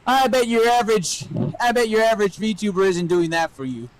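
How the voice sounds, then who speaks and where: Playful joking male streamer, slightly high voice. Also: fairly quick, no echo, poor audio. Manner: playful, joking, swears freely. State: out of breath. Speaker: VTuber streamer. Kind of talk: casual live stream chat.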